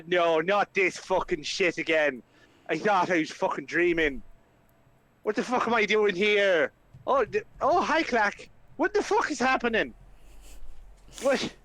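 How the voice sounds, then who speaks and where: A man's voice: fairly high pitch, fairly bright tone, no room sound, close to an everyday voice. A man voicing a grumpy, foul-mouthed adventurer who rants and swears in exasperation.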